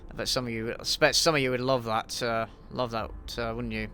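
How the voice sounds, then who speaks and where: A man's voice: mid-range voice, little pitch movement, fairly quick, bright, forceful tone, slight background noise. A man hosting a casual livestream Q&A while playing a game, blunt and sweary, with frequent ums and restarts. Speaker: YouTube channel host answering viewer questions.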